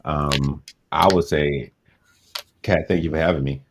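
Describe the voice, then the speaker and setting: A man's voice: rumbling low, steady tone, measured pace, slight background noise. A man co-hosting a podcast in casual chat, talking in a laid-back, slangy way. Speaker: podcast co-host.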